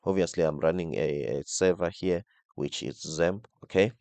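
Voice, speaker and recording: A man with a low voice guides viewers through a coding tutorial, thinking aloud and restarting words as he explains. He checks in with "okay?" after almost every point. The recording is dry and close, with no room sound around him. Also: moderate pace, darkish tone, clean tone, no echo. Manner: explains step by step, tags nearly every phrase with "okay?". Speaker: coding instructor.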